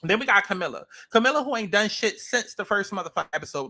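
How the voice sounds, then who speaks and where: New man reviewing reality TV, high and piercing, blunt and foul-mouthed. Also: animated, fast talker, pushed and bright. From New York. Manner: blunt, profane, sassy. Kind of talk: ranting commentary.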